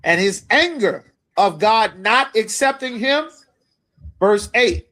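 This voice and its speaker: A man teaching a scripture class, speaking emphatically and asking his listeners if they understand. He reads verses slowly, then explains them in everyday talk. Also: high-pitched, animated, bright, forceful tone. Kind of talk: scripture lecture.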